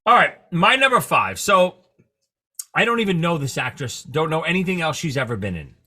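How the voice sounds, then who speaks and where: A man hosting a casual podcast, telling animated stories and cursing freely. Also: on the high side, moderate pace. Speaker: podcast host. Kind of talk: casual chat.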